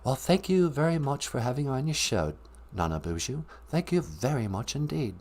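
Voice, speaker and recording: A man putting on a dead male English rock star's ghost with an English accent, speaking in a soft, formal, courtly way. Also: mid-range voice, sing-song, normal speed. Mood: polite.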